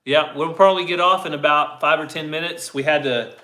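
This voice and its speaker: Bright-voiced man in an echoey room. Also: on the high side, steady tone, brisk. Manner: easygoing, greets viewers by name. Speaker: co-host of a farm livestream. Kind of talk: casual livestream chat.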